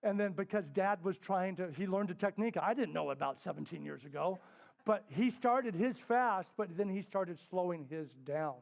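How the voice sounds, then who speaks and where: A middle-aged man teaching a parenting workshop, talking candidly to a live group. He tells stories, acts out the voices in them and drops to a soft, quiet tone for serious points. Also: sits high, moderate pace, creaky. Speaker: parenting class instructor. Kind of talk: storytelling workshop talk. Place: indoor classroom with a live group.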